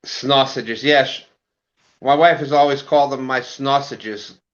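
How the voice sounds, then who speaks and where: A man hosting a late-night live stream, chatting slowly and casually and laughing often. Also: medium pitch, little pitch movement, highs cut off. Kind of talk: casual chat.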